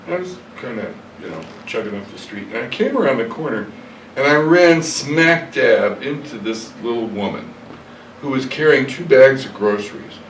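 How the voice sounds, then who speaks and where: A man's voice: mid-range voice, expressive, normal speed. An older man being interviewed, telling stories from his past in a rambling, hesitant way, full of fillers and self-corrections. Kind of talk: reflective storytelling interview. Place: hotel room. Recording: echoey room, distant mic, faint hiss.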